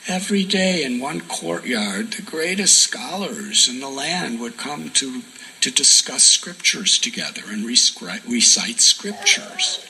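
A man giving a sermon as a devotional story, soft-spoken and often dropping to a near whisper for emphasis. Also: mid-range voice, gravelly, slight background noise, low-quality recording. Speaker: spiritual teacher.

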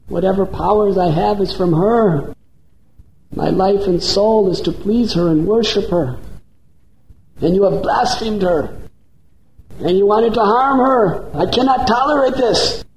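A man voicing a wrathful, screaming goddess who shrieks threats in a high, strained voice. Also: unhurried, pauses often, a little mellow, a little hiss or hum. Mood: stern. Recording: roomy echo.

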